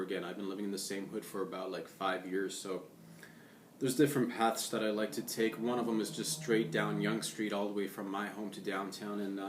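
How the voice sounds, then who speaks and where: Easygoing young guy, lowish voice, chatty rambling vlog, heard from a distance with room echo. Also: slight background noise. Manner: rambling, laid-back, says "man" and "dude" a lot. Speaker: vlogger. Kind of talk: casual monologue. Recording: roomy echo, distant from the mic.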